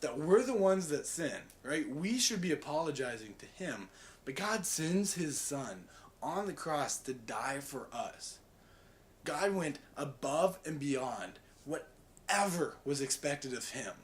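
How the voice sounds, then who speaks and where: A young man with a somewhat high voice talks in a loose, rambling way, often checking in with "right?". He speaks as a student giving a casual devotional, drifting from an everyday story into reflection on faith. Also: sing-song, takes it slowly.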